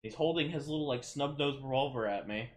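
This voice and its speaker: A man's voice: medium pitch, a little fast. A man on a podcast, casually telling rambling stories and swearing often. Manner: rambling storyteller, swears, acts out quotes loudly. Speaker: podcast co-host. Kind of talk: casual chat.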